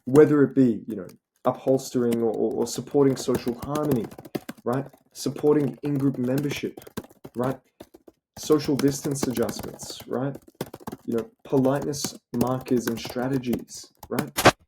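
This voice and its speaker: A man's voice: medium pitch, fairly even intonation, moderate pace. A young man with an Australian accent tutoring students in an informal lesson, asking rhetorical questions and saying "right?" again and again. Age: young adult. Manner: rhetorical, repeats "right?" and "you know". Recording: noisy recording with keyboard clicks.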